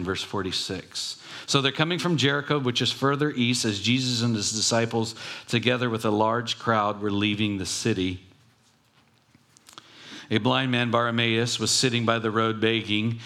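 A man's voice: lowish voice, pushed and bright. Man preaching a conversational sermon. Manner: storytelling, acting out quoted voices; conversational, self-correcting asides. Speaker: pastor.

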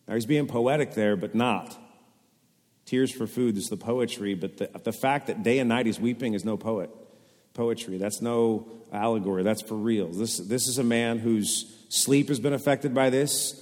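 A man, preaching a sermon to his congregation in a casual, conversational and expressive way. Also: lowish voice, normal speed. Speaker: pastor. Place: church sanctuary. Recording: long reverb of a church hall.

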